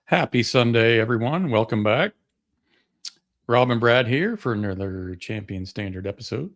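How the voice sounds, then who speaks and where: A man co-hosting a sports podcast, chatting in a relaxed, rambling way with plenty of fillers. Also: mid-range voice, moderate pace. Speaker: podcast co-host. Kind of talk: casual sports chat.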